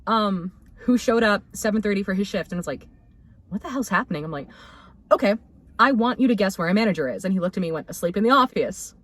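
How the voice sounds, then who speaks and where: Talking fast in a mid-range voice, a young adult woman co-hosts a podcast and shares a story from work. She's lively, performing the quoted lines and laughing along the way.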